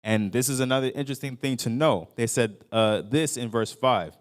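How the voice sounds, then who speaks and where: A man's voice: mid-range voice, moderate pace. A man teaching a Bible lesson to his congregation in a loose, conversational way, with lots of fillers and restarts, raising his voice to act out the people he quotes. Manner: acts out quoted speakers in a raised voice. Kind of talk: casual Bible study teaching.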